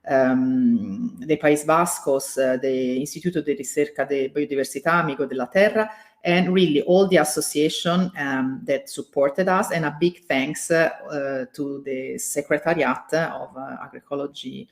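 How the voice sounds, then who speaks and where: Halting woman giving a welcome speech. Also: deep voice, steady tone. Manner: halting, many fillers and restarts. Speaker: president of the organization, opening host. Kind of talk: hesitant welcome speech with thanks.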